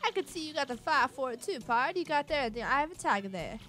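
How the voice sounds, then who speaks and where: A woman's voice: high voice, animated, quick pace, fairly bright tone, soft background music, voice pushed up. A woman voicing a folksy, boastful older male fight promoter with a drawl, reading game dialogue aloud. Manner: folksy drawl, calls everyone son.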